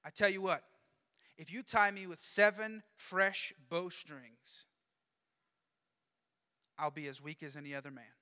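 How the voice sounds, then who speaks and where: Man doing a casual, offhand strongman, high and bright, in a reverberant hall. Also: fairly even intonation, measured pace, long pauses, clean tone. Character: strong, offhand male hero Samson.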